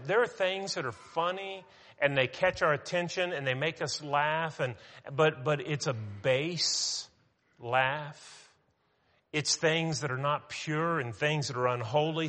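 Pastor guy preaching, bright sharp voice, long church hall echo, chatty with lots of restarts. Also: medium pitch. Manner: conversational preaching with restarts and pauses for emphasis. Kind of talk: sermon.

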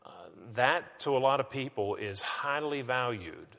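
A man's voice: mid-range voice, animated, a little slow, fairly bright tone. A middle-aged male pastor giving a sermon in a conversational, storytelling way with self-mocking humor. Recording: reverberant hall.

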